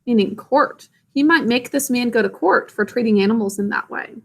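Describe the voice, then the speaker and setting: A woman reads a classic storybook aloud to young listeners, stopping often to ask them gentle questions and explain hard words. Her voice sits slightly above the usual pitch for a woman. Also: normal speed. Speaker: storyteller reading to children. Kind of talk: read-aloud with explanations for children.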